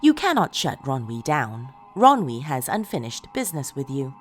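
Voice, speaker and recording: A sinister male computer program that knows everything speaks in slow, looming, taunting tones, as a woman puts him on. His voice swings with lively pitch, and faint music plays behind him. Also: full character voice. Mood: taunting menace.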